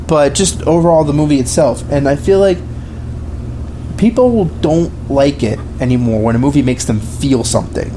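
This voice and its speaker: A man's voice: a little high, moderate pace, dark tone, a little hiss or hum. A man co-hosting a podcast, chatting casually about films in a rambling way, full of restarts and fillers. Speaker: podcast co-host. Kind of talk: casual film discussion.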